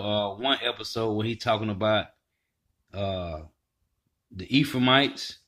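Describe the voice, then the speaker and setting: A man's voice: mid-range voice, sharp tone. A man giving casual, emphatic commentary, repeating himself as he talks.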